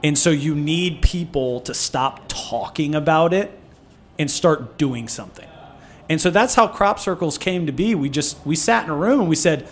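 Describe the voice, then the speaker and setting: Man, higher register, animated and profane, casual interview storyteller. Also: moderate pace. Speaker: food nonprofit co-founder.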